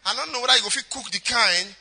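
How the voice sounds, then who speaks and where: A Nigerian man playing an easygoing middle-aged church mother who talks softly, mixing in pidgin. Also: on the high side, fast talker, slightly rough, in a large hall, full character voice. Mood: doubtful.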